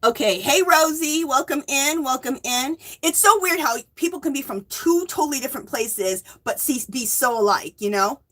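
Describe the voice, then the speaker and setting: Bright chatty woman in her fifties. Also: high voice, animated, moderate pace, hardly any pauses. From US West Coast. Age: 50s. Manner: chatty, greets viewers by name, rambling asides. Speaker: livestream host. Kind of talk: casual livestream chat.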